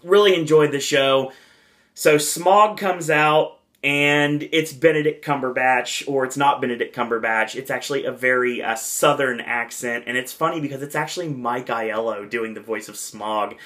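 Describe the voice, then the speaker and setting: Rambling enthusiastic man at mid pitch. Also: moderate pace, a bit bright. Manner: rambling, enthusiastic, many fillers. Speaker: podcast host reviewing a theme park event. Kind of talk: casual podcast review.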